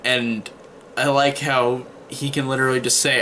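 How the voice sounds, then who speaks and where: Bright-voiced man rambling through a review. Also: mid-range voice, flat delivery, normal speed, a little hiss or hum. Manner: rambling, frequent restarts and filler "like". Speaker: movie reviewer. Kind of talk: casual spoken movie review.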